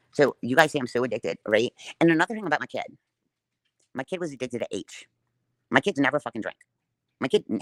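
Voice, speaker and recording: A woman's voice: very deep voice, no room sound. A woman livestreaming a defiant, profane rant straight at her viewers.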